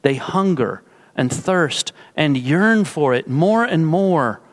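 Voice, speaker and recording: A male pastor giving a sermon and closing in prayer, with slow, measured phrasing and drawn-out emphasis. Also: on the high side, animated.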